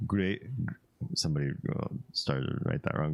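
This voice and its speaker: A man with a very low, deep voice and some vocal fry hosts a relaxed live stream at a moderate pace. He chats easily with viewers, reads their comments out, and laughs a lot as he goes.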